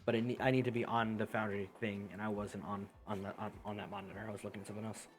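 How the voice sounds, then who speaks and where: A man's voice: on the low side, flat delivery, very fast. A man running a tabletop game as game master over a voice call, casually explaining rules and the map. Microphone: headset or desk mic on a voice call.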